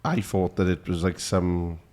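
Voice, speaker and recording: Welsh male podcast host, very low pitch, casual, giggly, hesitant. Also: little pitch movement, a little slow, a little mellow. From Wales. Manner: chatty, laughing, hesitant with many ums. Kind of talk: casual chat.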